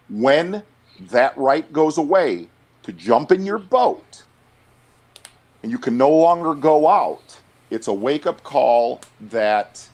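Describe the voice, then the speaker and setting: A middle-aged man, talking bluntly on a casual podcast, stammering and restarting as he goes. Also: medium pitch. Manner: blunt, animated, lots of restarts and stammered repeats. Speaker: guest.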